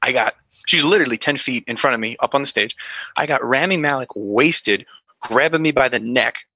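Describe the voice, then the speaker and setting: A young adult man, a former police officer, telling stories as a podcast guest in a lively, profane way, acting out quotes in a raised voice. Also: mid-range voice, fairly quick, slightly rough, no echo. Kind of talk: animated storytelling.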